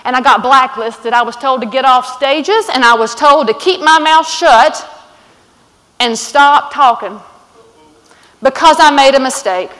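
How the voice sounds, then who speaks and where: A woman's voice: sits high, measured pace, fairly bright tone. A blunt, outspoken woman with a Southern accent giving a fiery keynote at a conference. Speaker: conference speaker. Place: large conference hall. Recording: long hall reverb from stage.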